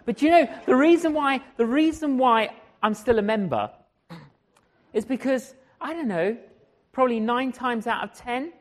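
Lively storytelling male preacher. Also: extremely high pitch. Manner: animated, acts out conversations. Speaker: evangelist preacher. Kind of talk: storytelling sermon.

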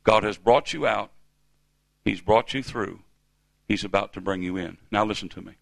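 A man's voice: on the low side, normal speed, creaky, no echo. A man in his fifties from the United States preaching a sermon in a church, with emphatic call-and-response delivery. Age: 50s.

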